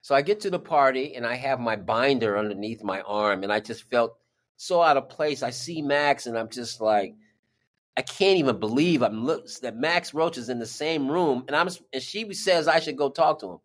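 A man's voice: medium pitch, lively intonation, moderate pace. A man, a drummer and music teacher, telling a story as an interview guest and acting out the voices he quotes.

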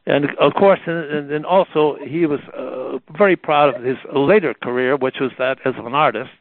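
A man telling anecdotes on a radio call in a lively storytelling manner, acting out the people in his tales. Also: medium pitch, normal speed, no room sound. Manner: animated, acts out the voices in his stories. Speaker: guest telling stories about a friend. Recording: tinny phone-like radio line.

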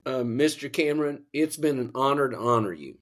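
A man's voice: medium pitch, lively intonation, fairly quick, fairly bright tone. A man hosting an interview, offering earnest, formal praise to his guest. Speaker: interview host.

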